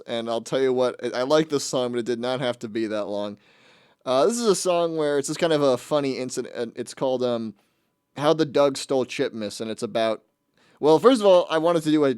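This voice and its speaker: A male radio host with a smooth, resonant voice, recorded dry and close with no room around him. He chats casually between songs in a rambling, amused way, and he often stops to restart or correct his sentences. His pitch sits in an ordinary middle range for a man. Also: normal speed, a little mellow, dry recording.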